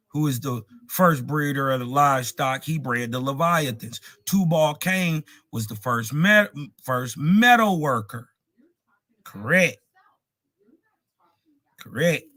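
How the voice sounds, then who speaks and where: A man's voice: mid-range voice, lively intonation, slow, long pauses, pushed and bright, no room sound. A man hosting a live stream, slangy and combative in a heated debate, cutting in and talking over his guest. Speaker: livestream host.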